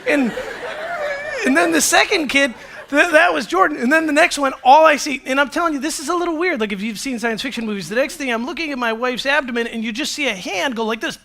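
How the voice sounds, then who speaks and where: Pastor, male, forties; high, ringing voice; animated, self-mocking storyteller. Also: quick pace, creaky, slight background noise. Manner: animated, self-deprecating, acts out quotes. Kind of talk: storytelling sermon. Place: church stage.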